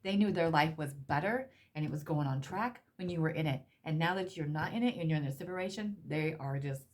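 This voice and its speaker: A woman's voice: low voice, expressive, a little fast. A woman giving a tarot reading, emotional and repetitive, swearing casually as she talks. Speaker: tarot reader.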